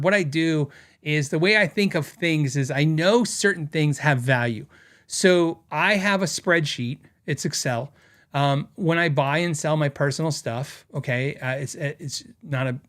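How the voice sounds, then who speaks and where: A man's voice: fairly high pitch, fairly bright tone. A middle-aged man hosting a casual podcast, telling stories in a rambling way with lots of fillers as he reads out viewer comments. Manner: rambling storytelling with frequent fillers and laughs. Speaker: podcast host.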